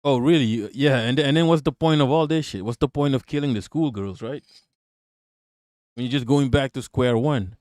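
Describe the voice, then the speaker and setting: A man's voice: medium pitch, normal speed, a little mellow, dry recording, clean studio sound. A man hosting a live stream, reacting to news and talking back to chat in a blunt, profane, joking way, often repeating himself. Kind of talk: casual live-stream commentary.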